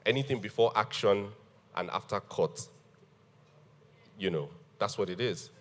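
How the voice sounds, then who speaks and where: A man telling an animated story on a panel, laughing and acting out what people said. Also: fairly low pitch, a little slow, in a large hall. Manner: animated, laughing storyteller who acts out quotes. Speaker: guest.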